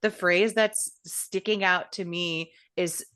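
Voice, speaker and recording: A woman's voice: fairly low pitch, steady tone, slow, fairly bright tone, clean tone. A woman co-hosting a podcast, speaking in a reflective, thoughtful way. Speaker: podcast co-host. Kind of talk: casual podcast chat.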